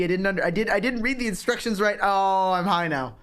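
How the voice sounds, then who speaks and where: A man's voice: high-pitched, expressive, a little fast, a bit bright. Profane, ranting young male streamer. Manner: profane, ranting and self-mocking. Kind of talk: casual stream chat.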